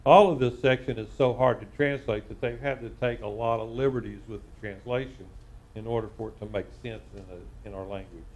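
A man teaching a live Torah class as a rabbi, reading Hebrew word by word and translating it with frequent pauses. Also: medium pitch, fairly even intonation, a little mellow, lo-fi sound, slight background noise. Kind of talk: live Bible study lesson.

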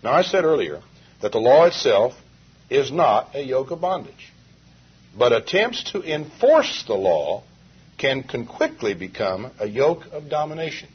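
A man's voice: mid-range voice, big pitch swings, unhurried, slightly rough. A male preacher delivering an emphatic sermon full of rhetorical questions, heard on a dull, lo-fi 1980s tape.

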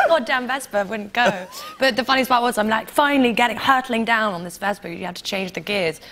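A woman, a talk show guest telling animated stories in a television studio and laughing often. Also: fairly high pitch, a little fast, noisy background. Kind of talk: casual chat.

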